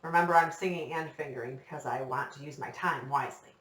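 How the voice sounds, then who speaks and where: A woman's voice: sits low, fast talker, a bit bright. Encouraging woman teaching recorder. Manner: patient, encouraging, counts students in. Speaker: music teacher. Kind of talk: recorder lesson for children. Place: classroom with a whiteboard. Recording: echoey room, distant mic.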